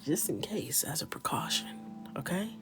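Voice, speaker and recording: A woman in her thirties chatting in a mostly whispered, joking way while coloring, with sudden loud shouts. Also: low voice, big pitch swings, moderate pace, over music. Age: 30s. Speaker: coloring livestreamer. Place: small closet with a ring light.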